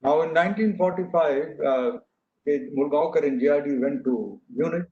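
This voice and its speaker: A man's voice: fairly high pitch, normal speed, a little hiss or hum. An older man giving an earnest, anecdotal talk to an audience, with frequent fillers and restarts. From India. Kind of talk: speech to an audience. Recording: echoey hall, dull lo-fi sound.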